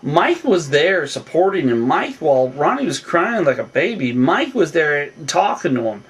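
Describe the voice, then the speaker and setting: A man's voice: on the high side, very animated, moderate pace, breathy edge. A man vlogging a casual, rambling recap of a reality show episode, full of fillers and restarts. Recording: voice a bit distant from the mic.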